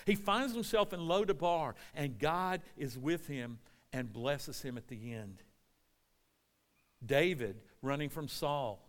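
A man preaching a sermon, retelling scripture stories and acting out their voices, often restarting with repeated words. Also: on the high side. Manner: storytelling, acts out quoted voices.

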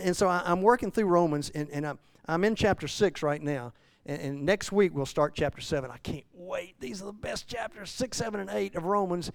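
Folksy older preacher with a smooth voice. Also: male voice, no echo. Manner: folksy, self-deprecating preaching with many restarts; rises loud and high when voicing the apostle's struggle. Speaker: pastor. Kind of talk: sermon.

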